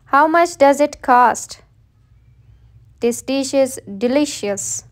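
A woman with a high voice reads short everyday phrases for beginners. She speaks very slowly and carefully, often saying each phrase twice so learners can repeat it. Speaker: English teacher. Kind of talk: slow read-aloud phrase drill.

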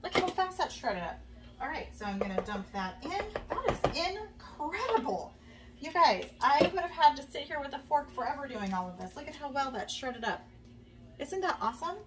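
A woman's voice: high voice, big pitch swings, normal speed. A young woman chatting casually to her viewers while cooking in her home kitchen, friendly and rambling, with lots of fillers. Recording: faint background noise, a bit distant from the mic.

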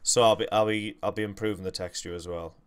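A man's voice: fairly low pitch, fairly even intonation, fast, clear, resonant tone. A young man, hosting a game livestream with rambling, self-correcting, jokey commentary. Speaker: gaming livestream host.

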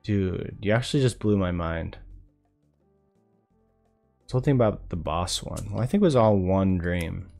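A man's voice: low voice, lively intonation, normal speed, vocal fry, long pauses, darkish tone, soft background music. A man streaming live, chatting casually in a laid-back, rambling way with frequent chuckles. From North Carolina.

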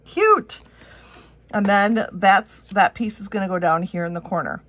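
Upbeat Minnesotan woman narrating a hands-on craft demo, chatty and relaxed, mid-range voice. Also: mid-range voice, moderate pace. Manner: chatty and upbeat, thinking aloud while working. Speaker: craft instructor. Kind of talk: casual step-by-step craft tutorial.

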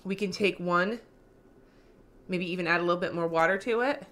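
A woman vlogger giving a casual, slangy craft tutorial, cussing freely, her voice going a little hoarse. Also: on the low side, normal speed, fairly bright tone.

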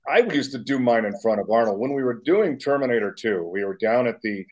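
Over a remote video call, a man in his sixties, a guest makeup artist, tells casual anecdotes in a rambling way, correcting himself and chuckling as he goes. His mid-range voice is animated and quick, with a crowd audible behind him.

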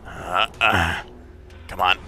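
A man voicing a gruff, cocky, crude armored super-soldier in a deep gravelly put-on voice, giving comedic gameplay commentary. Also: steady tone, slow pace, pushed and bright, soft background music, full character voice. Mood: panicked. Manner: brash, profane, yelps when startled. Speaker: let's play gamer.

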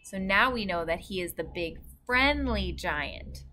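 Teacher lady reading a kids book out loud, slow and calm, bright voice, faint hum behind. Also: medium pitch. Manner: calm, clear narration. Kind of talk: reading a storybook aloud.

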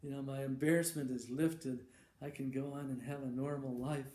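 A grateful young man, played by a joke-telling man who sighs out his thanks in breathy exclamations. The tone is mellow and dark, with an echoey room around it. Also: medium pitch, flat delivery, moderate pace, close to an everyday voice. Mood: thankful. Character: grateful young male mathematician, desperate then relieved. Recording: echoey room with faint ambience.

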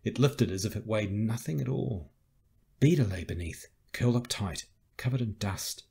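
Husky low-voiced male audiobook narrator. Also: lively intonation, moderate pace, dark tone. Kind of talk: scripted narration.

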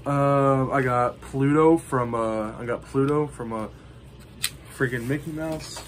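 A man's voice: medium pitch, slow, a little hiss or hum. A man casually showing off his collection to the camera, rambling with lots of ums and you-knows. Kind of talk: casual show-and-tell.

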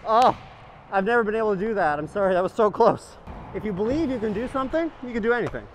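A man's voice: high voice, big pitch swings, quick pace, a little hiss or hum. A man playing hockey goalie with a camera mic running, cracking self-deprecating jokes through the game. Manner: joking, self-deprecating banter. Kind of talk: mic'd-up game commentary. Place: hockey rink during a game. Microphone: helmet-mounted action camera.

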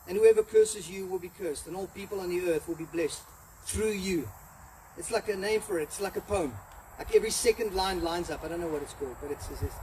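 A man preaching a sermon as pastor, animated, acting out the story with quoted voices. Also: sits high, a little fast, distant mic, a little hiss or hum, poor audio. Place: church hall.

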